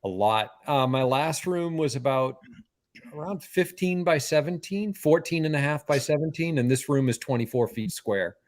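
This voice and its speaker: A man back as a co-host, chatting in an easygoing, casual way. He often answers briefly. His voice sits slightly high. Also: lively intonation, moderate pace. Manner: easygoing, short replies. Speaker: returning co-host. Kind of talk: casual chat.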